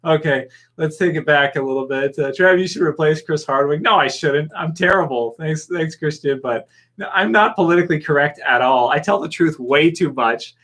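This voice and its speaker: Hosting an easygoing live stream, a Canadian man responds to viewer comments while rambling and chuckling. He has a fairly high, fairly bright voice and speaks at a moderate pace.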